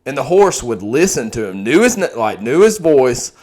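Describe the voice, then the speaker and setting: Young man, podcast host, animated and profane, voice swooping up and down. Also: mid-range voice, normal speed. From Texas. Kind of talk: casual chat.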